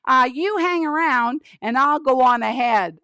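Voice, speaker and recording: A chirpy, high penguin puppet, put on by a woman, bubbling over with jokes for a children's show. She sounds eager and pleased with herself, her voice lifting above the puppeteer's own. Her speech is unhurried. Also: lively intonation, bright, forceful tone, clear, resonant tone, no room sound, heavily acted. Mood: bubbly. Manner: bubbly, eager joke-teller. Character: cheerful female penguin puppet, joke-loving.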